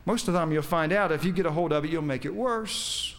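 A man's voice: on the high side, brisk, a bit bright. A man preaching a sermon, quoting scripture with emphasis and putting questions to his congregation. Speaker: pastor.

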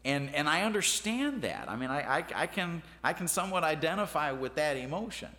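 A man's voice: a little high, big pitch swings, brisk, pushed and bright, long reverb tail. A man preaching a sermon in a folksy, self-deprecating way, often restarting his words. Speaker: pastor.

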